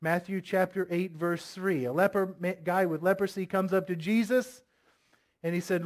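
A man's voice: high voice, fairly even intonation, moderate pace. A man preaching a sermon, reading scripture aloud, firmly voicing commands and asking the congregation many questions. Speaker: pastor.

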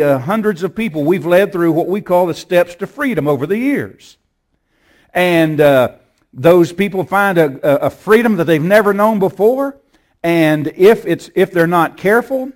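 A man preaching a sermon, telling stories and rising to forceful commands. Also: high voice. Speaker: pastor.

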